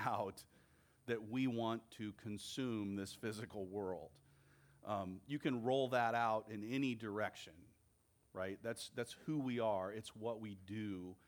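Male pastor, slow and measured sermon delivery, earnest. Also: mid-range voice.

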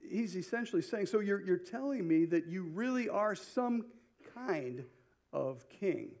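A male pastor preaches an unhurried expository sermon, paraphrasing the people in the passage as he goes. His voice is high-pitched and darkish in tone, with lively intonation.

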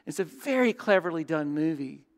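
A man preaching a sermon as pastor, telling stories and dropping from loud to hushed. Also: on the high side, expressive, moderate pace. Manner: storytelling, shifts between loud and hushed. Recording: long hall reverb.

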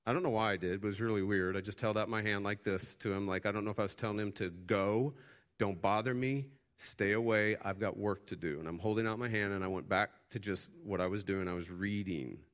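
A male pastor preaching a sermon, building to loud emphatic peaks and then dropping into quiet, easy storytelling. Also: lowish voice, steady tone, quick pace, few pauses.

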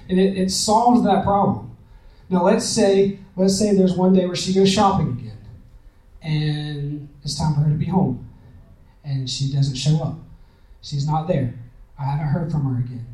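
A man's voice: sits high, normal speed, mellow. A man giving a conversational sermon-style talk on relationships, repeating phrases for emphasis and laughing often. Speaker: church speaker on relationships. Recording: echoey room, mic at a distance.

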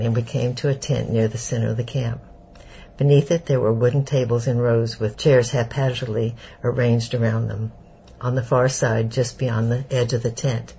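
A man narrating an audiobook in a steady, measured way. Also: mid-range voice, creaky, a little hiss or hum, poor audio.

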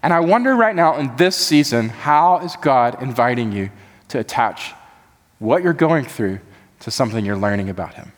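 A man's voice: mid-range voice, animated, moderate pace. Earnest male pastor preaching in a reverberant hall. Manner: earnest, building to impassioned emphasis. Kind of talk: sermon.

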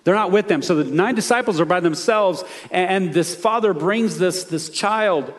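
Man preaching a conversational sermon. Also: normal speed. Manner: conversational preaching, dropping soft and low for appeals. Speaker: pastor.

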